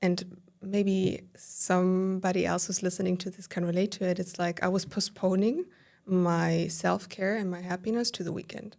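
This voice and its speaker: A woman's voice: on the low side, moderate pace, creaky. A woman guest on a podcast, talking candidly about her own experience, full of fillers and quoting her own inner thoughts. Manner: animated retelling with quoted inner dialogue, filler-heavy. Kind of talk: candid conversational storytelling.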